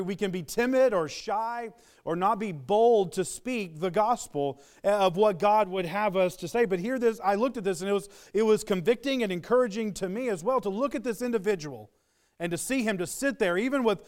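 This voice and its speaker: Guy preaching a sermon, kinda high smooth voice, earnest, builds up as he tells the story. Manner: earnest storytelling, rising with emphasis.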